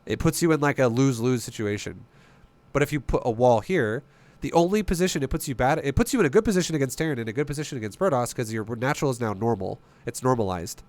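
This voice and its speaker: A man's voice: mid-range voice, expressive, quick pace, a little mellow. Profane guy coaching his strategy game on stream, blunt and emphatic, lots of rhetorical questions.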